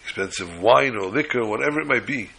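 A man voicing a spiteful grown man who shouts out boastful orders to a waiter. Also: medium pitch, expressive, fairly quick, vocal fry, husky, heavily acted.

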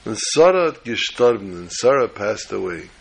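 Rabbi delivering a folksy, emphatic sermon story; husky, raspy tone. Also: male voice, lowish voice, very animated, normal speed.

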